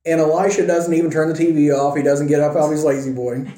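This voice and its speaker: Sex: man. Role: Bible study teacher. Style: casual, animated storytelling with joking asides. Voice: high and mellow. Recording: echoey room. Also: fast talker, a little hiss or hum.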